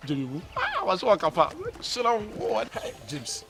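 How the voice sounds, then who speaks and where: A young man with a Ghanaian accent, acting a lovesick suitor who pleads and rambles excitably in a comedy film. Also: sits high, unhurried, gravelly, background noise, full character voice. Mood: complaining. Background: film music.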